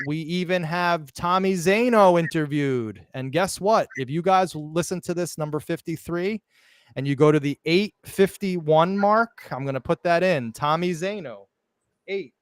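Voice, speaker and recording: A man hosting a live podcast, talking excitedly and emphatically, often restarting words mid-sentence. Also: fairly high pitch, measured pace, clean tone, no room sound, clean studio sound. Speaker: podcast host.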